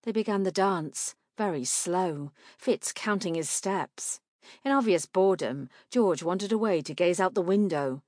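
Woman narrating an audiobook, low and dry. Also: a little slow, a little mellow, no room sound.

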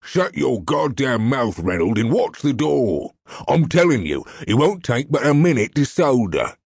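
A man doing a gruff, husky, irritable crook. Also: medium pitch, sing-song, unhurried, a little mellow, no room sound, studio quality, voice pushed up, full character voice. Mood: irritated. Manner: snappish, swearing, short-tempered. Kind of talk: audiobook character voice.

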